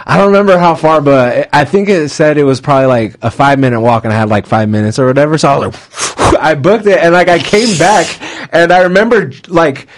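A man's voice: a little high, brisk, few pauses. A young man telling a story in casual chat, full of "like" fillers and restarts. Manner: rambling, lots of "like" fillers.

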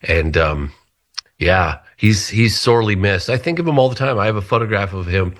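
A man, a guest in an interview, telling anecdotes in a lively way and acting out the people he quotes. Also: normal speed. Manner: animated retelling, acts out quoted voices higher. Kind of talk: anecdotal storytelling.

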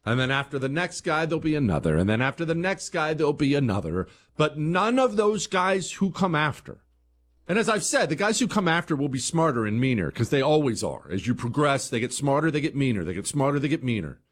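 A man hosting a talk radio show, delivering an emphatic monologue that climbs to heated peaks and drops low and quiet. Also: big pitch swings, fairly quick.

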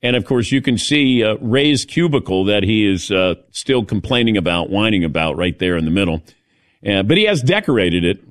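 A man's voice: fairly low pitch, expressive, normal speed, no room sound, studio quality. A man hosting a talk show, bantering casually with his crew and calling on them by name, often laughing.

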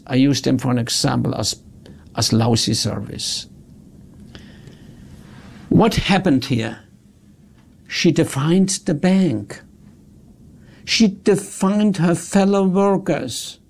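A man telling a story about customer service in an animated way. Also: a little high, creaky. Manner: animated, acts out quotes. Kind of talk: storytelling talk.

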